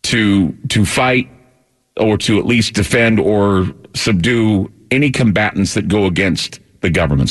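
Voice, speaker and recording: A man's voice: lowish voice, slightly rough. A tired male talk radio host in a rambling monologue, often repeating words and restarting.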